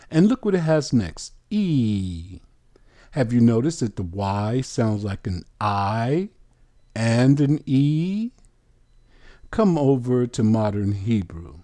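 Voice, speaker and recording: A man's voice: lowish voice, warm tone. A man teaching a sermon on scripture, asking the listeners questions and answering them himself. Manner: slow, questioning, call-and-response. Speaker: Bible teacher.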